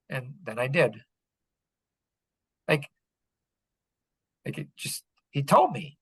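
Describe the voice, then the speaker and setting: A man's voice: medium pitch, animated, normal speed, long pauses, bright, forceful tone, no echo. A middle-aged man telling a personal story on a podcast, earnest and rambling, full of "like" and "you know". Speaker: podcast speaker.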